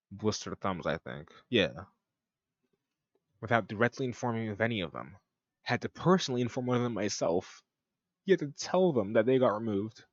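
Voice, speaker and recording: Low-voiced man reading and reacting. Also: no echo, dull audio. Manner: reads aloud then reacts with profane, mocking asides. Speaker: streamer reading and reacting to a document. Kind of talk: casual reaction commentary.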